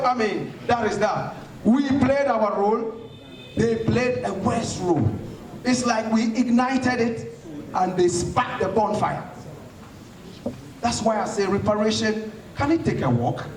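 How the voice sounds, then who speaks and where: Fiery high-voiced man in an echoey hall. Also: far from the mic. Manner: fiery, rhetorical, preaching tone. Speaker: speaker answering audience questions. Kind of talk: impassioned public talk.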